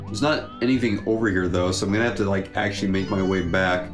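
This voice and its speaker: A man's voice: sits low, fast. A man with a stuffy, congested nose, chatting casually and sarcastically while playing a video game as co-host. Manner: dry, sarcastic grumbling at the game. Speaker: let's play gamer and co-host. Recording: roomy echo with faint background music.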